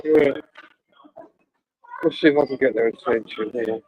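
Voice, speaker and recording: A man's voice: medium pitch, a little slow, dull audio. A man chatting casually and rambling to live-stream viewers from a cafe.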